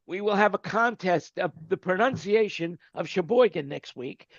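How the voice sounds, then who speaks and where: High-voiced man hosting a video call chat. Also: gravelly, no room sound. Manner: jokey, rambling, trails off quietly. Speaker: host. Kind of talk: casual panel chat. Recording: dull dry call audio.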